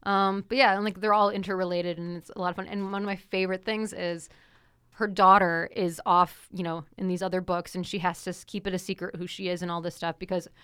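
A woman talks in a casual book discussion, retelling scenes with animated energy. Her voice is bright and clear. It sits close and dry, with almost no room sound. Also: lowish voice, quick pace, no echo. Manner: animated storytelling, acts out quotes. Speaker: podcast co-host.

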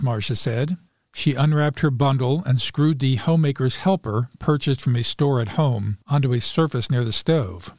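A man hosts and narrates with a steady, measured scripted read. His voice sits at an ordinary middle pitch. The recording is dry and close, with no room sound. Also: dry recording. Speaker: podcast host and narrator.

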